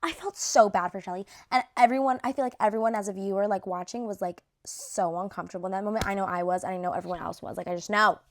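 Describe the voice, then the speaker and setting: A woman's voice: mid-range voice, steady tone, very fast, few pauses. A young woman chatting casually to camera while ranking reality show contestants, full of fillers and slang.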